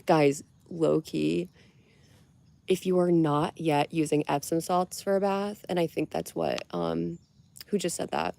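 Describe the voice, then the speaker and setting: A young woman with a somewhat low-pitched voice hosts a relaxed livestream. She chats freely and giggles often as she answers her viewers' comments. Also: unhurried, creaky, no echo. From Connecticut, USA. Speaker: livestream host. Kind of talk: casual livestream chat with viewers.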